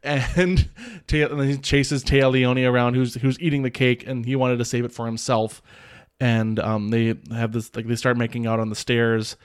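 Medium in pitch, clean and flatly delivered at a moderate pace, this man's voice carries a podcast film review. He rambles casually, restarting often, saying "like" a lot, and chuckling regularly.

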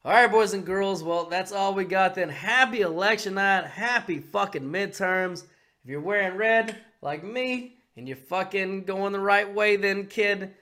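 A man hosting a podcast in a casual, profane, excitable chat who bursts into shouts. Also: sits high, a little slow. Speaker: podcast host.

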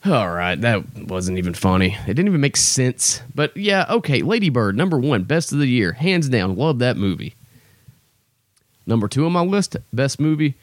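On his own podcast, a young man chats solo in a loose, self-mocking ramble packed with fillers. He has a medium-pitched voice with a sing-song lilt, moves at a moderate pace, and the recording carries no room sound.

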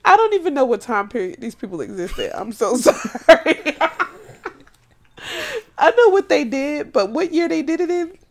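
A woman's voice: sits high, big pitch swings, darkish tone. A woman co-hosting a podcast in casual, joking chat. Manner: loose, joking, talks in quick bursts. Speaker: podcast co-host.

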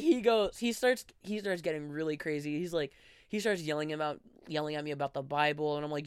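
A man's voice: on the high side, brisk, fairly bright tone, smooth, no echo, clean studio sound. A young man telling a personal story casually, full of filler words and restarts. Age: young adult. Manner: constant filler "like", rambling restarts. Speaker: interviewee.

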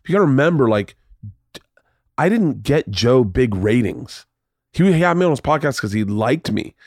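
A man's voice: mid-range voice, very animated, moderate pace, a little mellow, dry recording, studio quality. A man hosting a podcast, telling stories in casual chat, swearing freely and acting out the voices of people in his stories. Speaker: podcast host.

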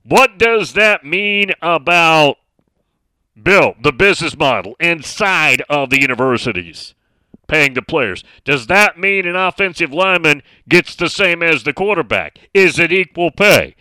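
A man's voice: fairly high pitch, animated, unhurried, sharp tone, smooth, no room sound. A middle-aged man hosting a sports talk radio show, speaking emphatically and reading out listener messages.

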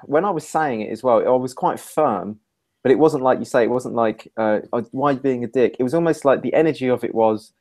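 Hosting a casual podcast conversation, a man with a brisk, mid-range, darkish voice tells a rambling anecdote. He laughs easily and offers many listening hums.

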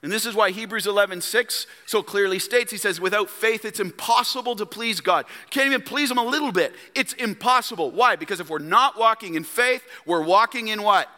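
Emphatic preacher in a reverberant church. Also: male voice, high voice, fairly quick, few pauses, pushed and bright. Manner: emphatic preaching, calls on congregation to respond. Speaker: pastor. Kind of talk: sermon. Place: church sanctuary. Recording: long hall reverb.

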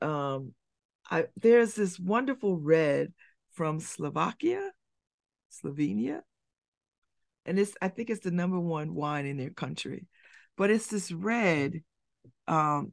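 A woman's voice: low voice, creaky, fairly bright tone, no echo, studio quality. A woman radio host chatting casually and rambling, with frequent restarts and easy laughs. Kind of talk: casual chat.

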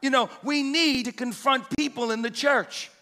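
A pastor preaching a sermon with emphatic, repeated exhortations in a church. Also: male voice, very high-pitched, fairly even intonation, normal speed, bright, forceful tone, big-room sound.

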